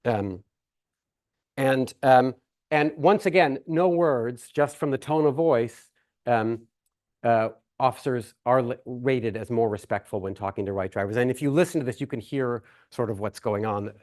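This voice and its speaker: A man's voice: medium pitch, measured pace, darkish tone. A man giving a plenary lecture at a research workshop, speaking casually with many fillers and restarts. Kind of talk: academic conference talk. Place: lecture hall.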